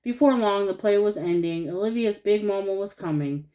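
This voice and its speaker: A woman's voice: medium pitch, moderate pace, rough recording. Woman reading a children's story. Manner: expressive, animated narration. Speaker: storybook reader. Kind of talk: children's story read-aloud.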